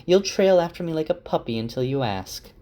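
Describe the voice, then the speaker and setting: A man's voice: fairly high pitch, expressive, fairly quick, mellow, voice pushed up, lightly acted. A man voicing a defiant, proud young woman who scolds sharply. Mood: scornful.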